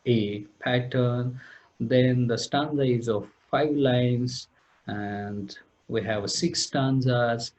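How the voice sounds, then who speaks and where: A man teaching a recorded poetry lesson, explaining step by step, repeating terms and now and then clearing his throat. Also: medium pitch, steady tone, a little mellow. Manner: reads lines of verse slowly.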